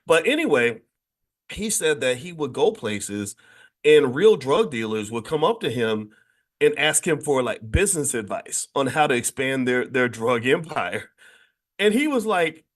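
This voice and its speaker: A man hosting a morning finance show in casual livestream talk, animated and rambling, full of restarts and sudden jumps in pitch. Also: measured pace. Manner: conversational, addresses the audience directly.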